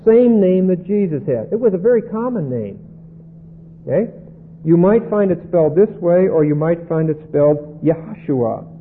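A man teaching a Bible passage verse by verse, deliberate and often checking in with "Okay?". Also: fairly high pitch, expressive. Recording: tinny phone-like band with faint hum.

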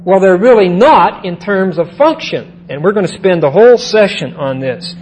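A man with a fairly high voice teaches from Scripture in a measured sermon style. He repeats his main points and often stops to ask "okay?" A faint hum sits under the recording. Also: expressive, darkish tone, rough recording. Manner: repeats key phrases and checks in with "okay?". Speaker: Bible teacher. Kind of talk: sermon-style Bible lesson.

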